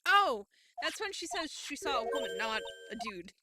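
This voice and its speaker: A woman's voice: sits high, big pitch swings, normal speed, very noisy. Chatty young woman streaming a game. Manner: musing aloud, chatty. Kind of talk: casual game commentary.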